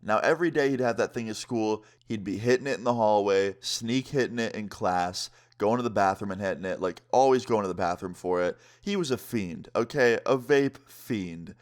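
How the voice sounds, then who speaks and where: A young man vlogger telling a story in an animated, slangy way, swearing often. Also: lowish voice, normal speed, hardly any pauses. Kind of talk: casual storytime.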